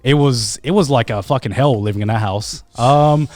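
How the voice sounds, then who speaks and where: A man co-hosting a podcast, telling a story in casual chat, animated and swearing freely. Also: mid-range voice, normal speed. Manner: animated, swears a lot, acts out quotes. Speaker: podcast co-host.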